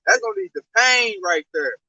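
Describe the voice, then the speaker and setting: A man's voice: high-pitched, huge pitch swings, a little fast, creaky, pushed and bright, no room sound. A man preaching from scripture in an emphatic, slang-laden way, heard from a distance on a lo-fi recording. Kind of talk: street-corner scripture preaching.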